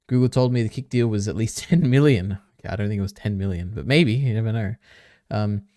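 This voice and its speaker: A man's voice: lowish voice, a little mellow, no room sound, studio quality. A man streaming casually, reading on-screen text aloud, trailing off and muttering to himself. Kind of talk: casual live-stream commentary.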